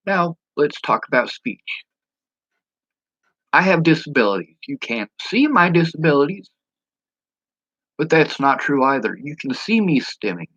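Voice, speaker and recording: A man's voice: on the high side, very animated, a little slow, long pauses, a bit bright, no echo, highs cut off. A man talking frankly and bluntly to camera in a casual vlog, swearing freely. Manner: mimics speech impediments. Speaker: vlogger.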